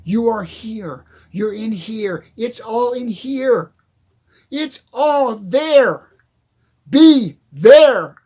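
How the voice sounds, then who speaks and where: A man's voice: extremely high pitch, animated, extremely slow, a little mellow, breathy edge. A man giving an emphatic, repetitive motivational monologue, addressing the listener directly. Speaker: motivational speaker.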